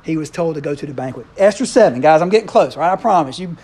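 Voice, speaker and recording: A man with a higher-pitched, slightly rough, a little mellow voice and lively intonation preaches a casual, conversational sermon. He's playful, acting out the characters' lines in quick voices.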